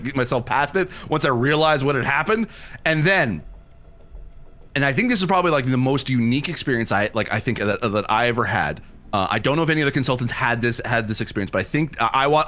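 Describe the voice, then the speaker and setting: Man animatedly retelling a story on stream. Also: a little high. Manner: animated retelling that acts out his own past reactions. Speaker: livestream host. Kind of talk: casual storytelling on a livestream.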